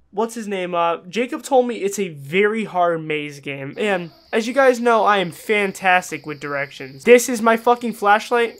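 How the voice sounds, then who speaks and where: A man giving profane, sarcastic let's-play commentary on a horror game, moving between low mutters and panicked yells. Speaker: gaming YouTuber.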